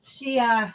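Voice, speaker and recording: A middle-aged woman hosting a crafting channel, chatting casually, laughing often and breaking off to restart her sentences. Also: slight background noise.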